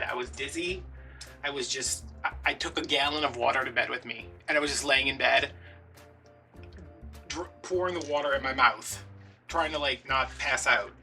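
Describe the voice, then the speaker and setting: A man, chatting and telling an animated story while he makes a craft at home. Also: mid-range voice, distant mic. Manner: chatty, animated, acts out quotes. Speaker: craft vlogger.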